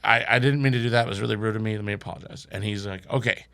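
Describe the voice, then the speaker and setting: Gravelly young man telling a story. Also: lowish voice, very fast. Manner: animated, acts out quotes, swears freely. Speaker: comedy podcast guest. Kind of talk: casual storytelling.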